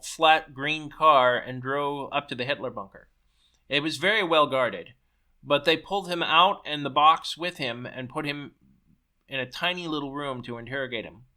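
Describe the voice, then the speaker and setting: Bright-voiced man reading his own story. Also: fairly high pitch. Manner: brisk, with slips and restarts. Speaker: story reader.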